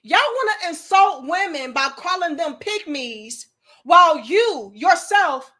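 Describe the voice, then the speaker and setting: A young adult woman hosts her own commentary, delivering a blunt, profane, preachy rant. Her voice sits high for a woman, and her tone is bright and sharp. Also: lively intonation, takes it slowly. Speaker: commentary host. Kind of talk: ranting video commentary.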